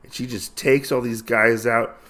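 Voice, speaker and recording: A podcast host casually recaps a comic book story, his mid-range voice steady and a touch bright as he talks a little slowly. His phrasing is loose and enthusiastic, packed with fillers.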